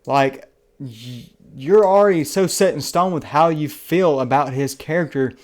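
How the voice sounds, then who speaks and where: A man's voice: a little high, measured pace. A man from the American South with a Southern accent, giving a casual spoken movie review in an earnest, enthusiastic, rambling way that often restarts its phrases. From Southern United States. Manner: rambling and chatty, restarts phrases, many fillers. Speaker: film reviewer.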